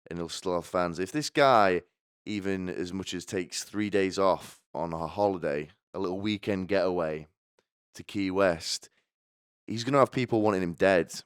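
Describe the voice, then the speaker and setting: A man with a low, smooth, resonant voice delivers a sardonic comedic monologue. He rambles and restarts his sentences often. The sound is dry and close to the mic. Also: no echo. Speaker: podcast host.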